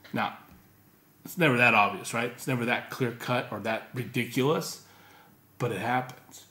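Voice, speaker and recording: A male pastor preaching a sermon in an animated, conversational way, with rhetorical questions to the congregation. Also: mid-range voice, moderate pace. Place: church. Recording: echoey church room.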